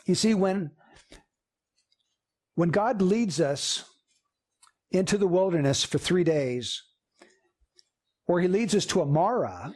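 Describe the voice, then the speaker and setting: High-voiced emphatic male preacher. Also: animated, slow pace, pauses often, darkish tone. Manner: earnest, emphatic preaching with repeated phrases. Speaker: pastor. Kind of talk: sermon.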